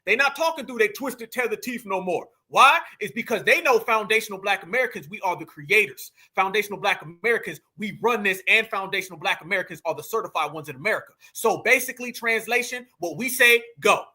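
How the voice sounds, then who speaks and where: A man reacting to a clip as a livestream commentator, animated and preachy, laughing often and speaking in slang. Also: sits high, a little fast, few pauses, breathy edge.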